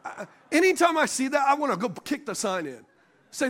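This man speaks briskly in a very high voice while preaching as a pastor. He fires call-and-response questions at the congregation and chuckles at the stories he tells, keeping the sermon animated.

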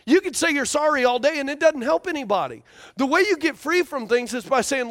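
A male pastor delivering a sermon in a very high voice that rises and falls with animation. He hammers his points home by repeating phrases and keeps asking the congregation if they follow. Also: very animated, brisk, vocal fry, fairly bright tone. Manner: emphatic, repeats key phrases, checks in with the congregation.

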